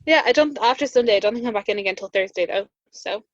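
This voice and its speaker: Irish girl gabbing on a podcast, a bit high, dry and kinda muffled. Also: fast, no echo. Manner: chatty storyteller, laughs often, acts out quotes. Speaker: podcast co-host. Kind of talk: casual chat.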